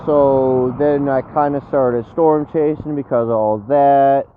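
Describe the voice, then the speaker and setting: Taking it slowly, a man with a medium-pitched, steady voice talks on a live stream as a storm chaser. His chat is brash, full of slang and swearing, and the phone mic gives a tinny sound with faint background noise.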